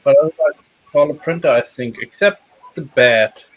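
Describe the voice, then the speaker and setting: A man's voice: a little high, moderate pace, highs cut off. Hesitant man with phrasing. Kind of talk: casual podcast chat.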